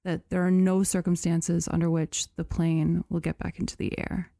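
A woman hosting a podcast, telling a story in a casual chatty way, full of "like" and "you know" and quick laughs. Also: lowish voice, level tone, gravelly, warm tone, no room sound, studio quality. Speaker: podcast host.

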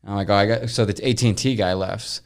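A young man hosting a podcast, casually telling a long story, rambling and animated, with frequent swearing. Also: fairly low pitch, fast. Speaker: podcast host.

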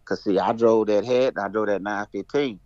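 A man's voice: on the low side, fairly quick, no room sound, lo-fi sound. A man, a veteran guest on a podcast, telling stories in casual chat and acting out the dialogue. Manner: animated storyteller, acts out dialogue.

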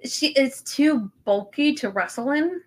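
A woman's voice: high-pitched, lively intonation, measured pace. A woman in her thirties co-hosting a casual podcast, chatty, full of ums and casual swearing. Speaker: podcast co-host. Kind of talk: casual chat recap.

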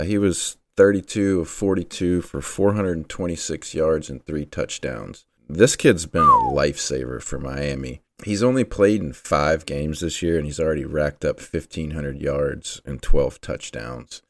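A man's voice: rumbling low, no room sound. A man co-hosting a sports podcast, talking casually with a wry, sarcastic edge. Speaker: podcast co-host.

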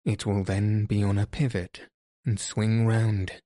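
Grave Persian guide, low mellow voice, measured, read by a man. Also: flat delivery, no echo, clean studio sound. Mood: cautious. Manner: measured, cautious, mournful.

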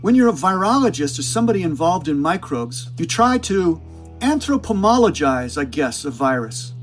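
A man's voice: fairly high pitch, very animated, normal speed, faint music behind, pitched above the performer's own voice. A man doing an impression of an older male doctor who speaks as if he were a scheming virus, in an emphatic, conspiratorial manner.

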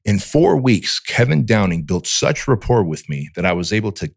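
Guy from armenia telling his story straight, swears a lot, lowish voice, dry close sound. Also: big pitch swings, moderate pace, gravelly, no room sound. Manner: blunt and profane, acts out his own inner voice. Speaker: podcast guest. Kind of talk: candid personal storytelling.

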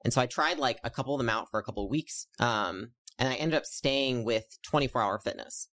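Fast-talking woman telling her story. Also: very deep voice, a bit bright. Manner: rapid, chatty storytelling full of "like". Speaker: entrepreneur guest. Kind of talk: casual interview chat.

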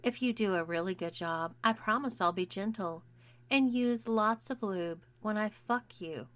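A woman's voice: mid-range voice, unhurried, natural voice. Woman voicing a bossy, coaxing young woman. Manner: coaxing, domineering.

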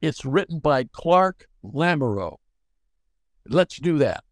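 An older man, a guest actor, telling anecdotes in an animated way and acting out the dialogue. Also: on the high side, slow pace, dry recording. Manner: animated, acts out dialogue in quotes. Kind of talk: anecdotal storytelling.

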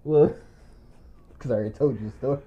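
A man's voice: mid-range voice, brisk, noisy background. Young man telling a rambling story. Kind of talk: casual chat. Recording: muffled lo-fi recording.

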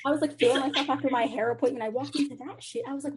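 A young woman on a video call, telling a story about a messy roommate in an animated way, swearing and saying "like" a lot. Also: sits high, racing. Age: young adult. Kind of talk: casual chat over video call.

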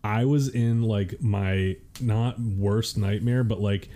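A man's voice: fairly low pitch, steady tone, slow pace, background noise. A young man in his twenties co-hosting a podcast, telling a story in a laid-back, matter-of-fact way. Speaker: podcast co-host. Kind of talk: casual storytelling chat.

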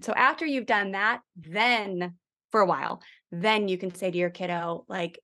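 Animated middle-aged woman explaining parenting. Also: mid-range voice, moderate pace. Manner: animated, acts out quoted lines to kids and spouse. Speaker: parenting guest expert. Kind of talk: conversational interview.

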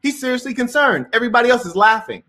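A man's voice: very high-pitched, lively intonation, fast, sharp tone. A man giving reaction commentary in a preachy, moralizing way.

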